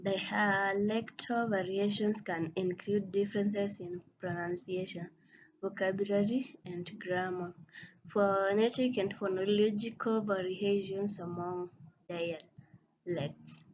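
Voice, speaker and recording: A woman teacher reading a phonetics course outline aloud, slowly and haltingly, often stopping to restart a word. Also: medium pitch, steady tone. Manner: slow, halting reading with frequent restarts on words. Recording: slightly dull, lo-fi recording with faint noise.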